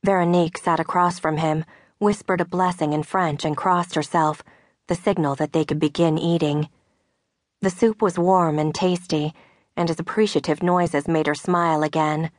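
A woman narrating a novel in a measured, soft-spoken studio read. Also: sits low, fairly even intonation, no room sound. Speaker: audiobook narrator. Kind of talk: scripted narration. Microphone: studio mic.

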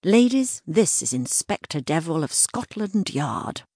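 An eager, well-mannered aristocratic gentleman detective from a children's audiobook, voiced by a woman. He sounds quick and cordial, with a low, slightly husky tone. The recording is close and dry. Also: big pitch swings, no room sound, heavily acted. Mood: brisk, cordial. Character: aristocratic young gentleman detective, lively and brisk.

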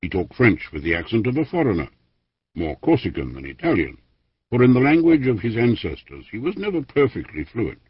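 Lively, husky male history narrator. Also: medium pitch, no echo. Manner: measured, formal reading with lively emphasis. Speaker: audiobook narrator. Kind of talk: scripted narration of a history book. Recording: dry, dull lo-fi studio recording.

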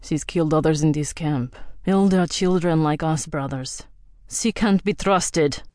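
A blunt, hostile old Viking warrior, a man of a thousand years who speaks in accusations, as a woman narrator voices him. The voice sits low and the recording is close and dry. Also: measured pace, darkish tone, no room sound. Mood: stern.

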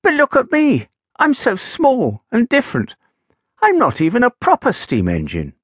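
A man's voice: extremely high pitch, wildly swooping pitch, normal speed, slightly rough, no room sound, clean studio sound, pitched above the performer's own voice, heavily acted. A man voicing Little Titch, a tiny, wistful and hopeful male steam engine in a storybook.

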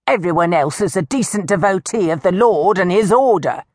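A woman voicing a crude, indignant old village woman who shouts accusations in a coarse, shrill voice. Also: animated, moderate pace, no room sound, studio quality.

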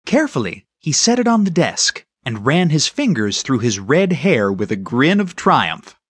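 A man narrating a children's audiobook with a lively, storytelling delivery and a husky voice. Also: mid-range voice, normal speed, no echo. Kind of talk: scripted narration.

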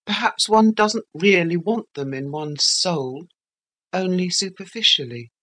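A woman's voice: lowish voice, lively intonation, unhurried, a bit bright, voice pushed up. A woman voicing a thoughtful, hesitant young schoolteacher in an audiobook reading. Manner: hesitant and searching.

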